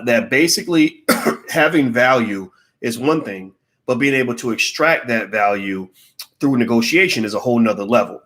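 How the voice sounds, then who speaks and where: A middle-aged man talking through business negotiation in a casual, animated monologue, acting out the people he quotes and swearing offhand. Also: mid-range voice. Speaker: commentator on business.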